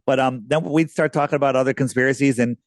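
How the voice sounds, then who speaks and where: A man's voice: medium pitch, fairly even intonation, fast talker, no echo. A man who is a radio guest, telling stories in a casual, rambling way with many restarts. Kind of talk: casual interview storytelling.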